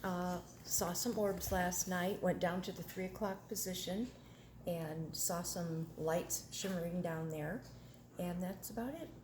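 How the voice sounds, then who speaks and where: A woman gives a short, matter-of-fact account in a lowish voice. Clear outdoor noise sits behind her. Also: steady tone, unhurried. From Indiana, US. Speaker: camp attendee giving testimony. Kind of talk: personal testimonial.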